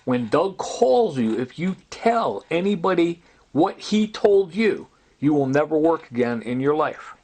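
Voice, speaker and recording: A man's voice: a little high, big pitch swings, measured pace, darkish tone. A man telling a long, rambling story in an agitated way, often quoting other people's words. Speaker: storyteller recounting personal grievances. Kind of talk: rambling recorded monologue.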